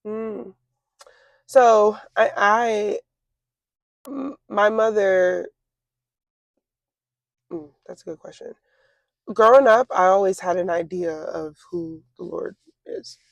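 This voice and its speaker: A young woman in her twenties, appearing as an interview guest in casual conversation, has a medium-pitched voice with a gravelly, creaky edge. She reflects slowly and haltingly, circling back with lots of fillers and restarts. The recording is dry and close, with no sense of a room.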